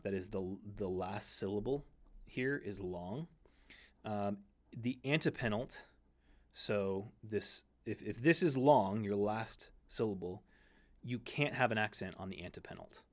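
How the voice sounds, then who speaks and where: A man teaching a Greek lesson in a conversational way, often correcting himself mid-sentence and using fillers. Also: on the low side. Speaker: seminary Greek instructor. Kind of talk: recorded lecture.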